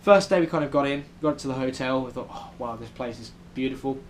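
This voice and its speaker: Speaking quickly in a mid-range voice, a young British man rambles chattily through a travel vlog peppered with ums. He's recording in a New York City hotel room, and a faint hiss or hum is present.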